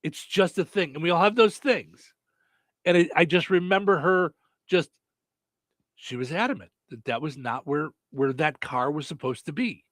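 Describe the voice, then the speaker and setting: A man's voice: a little high, normal speed, a bit bright, no echo. A middle-aged man co-hosting a show, chatting casually and telling family stories. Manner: chatty storyteller, many hm-hmms. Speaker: co-host. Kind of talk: casual chat.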